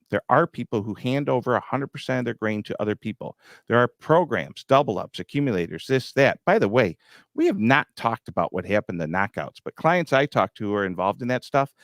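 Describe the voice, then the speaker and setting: A middle-aged man with a fairly low, animated voice hosts a grain market show, speaking briskly, bluntly and with a teasing edge. The market commentary has studio quality and no echo.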